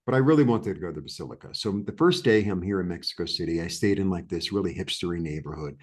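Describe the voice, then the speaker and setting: A man from New York, a guest in an interview, telling a story in a rambling, animated way with many restarts and fillers. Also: sits low, fast, slightly rough. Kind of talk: casual storytelling chat.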